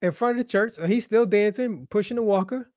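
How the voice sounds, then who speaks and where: A man's voice: high-pitched, fairly quick, darkish tone, no echo, clean studio sound. A man co-hosting a casual show, telling stories about church videos in an amused way and laughing often. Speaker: co-host.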